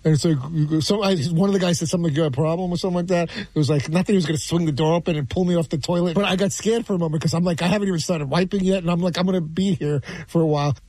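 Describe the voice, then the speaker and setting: A man from New York telling a rambling story on a sports talk show, halting and restarting often. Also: sits high, steady tone, darkish tone, no echo. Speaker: regular on sports radio show. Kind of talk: casual storytelling.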